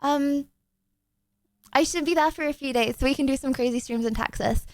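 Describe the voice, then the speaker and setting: A woman streamer chatting casually with viewers, excitable and rambling, often apologizing. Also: high voice, moderate pace, no room sound.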